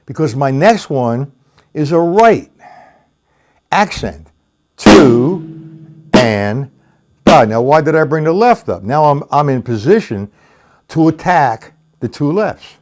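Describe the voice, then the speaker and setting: A drum teacher runs a live-streamed lesson, answering chat by addressing viewers by name and counting rhythms aloud as he demonstrates. His voice is on the high side and darkish in tone, very animated, at a measured pace.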